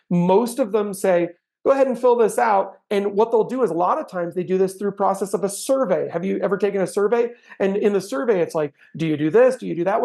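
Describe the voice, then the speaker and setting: A middle-aged man coaching real estate agents on closing techniques, with a gravelly, fry-edged voice. He keeps it conversational and slips into short acted-out sample lines to show how a script sounds. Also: sits high, darkish tone. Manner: chatty, acts out sample sales lines. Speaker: sales trainer. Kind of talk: conversational training talk.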